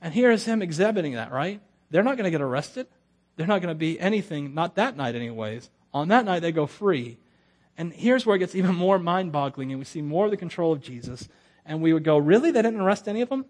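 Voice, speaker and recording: Pastor, male, high voice, animated humorous sermon delivery with restarts. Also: fairly quick. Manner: animated, acts out quotes with humor, stammering restarts.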